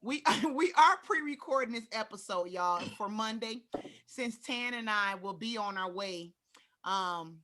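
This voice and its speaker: Bright-voiced laughing woman host. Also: medium pitch, measured pace. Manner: laughing, animated storytelling. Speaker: podcast host. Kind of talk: casual chat.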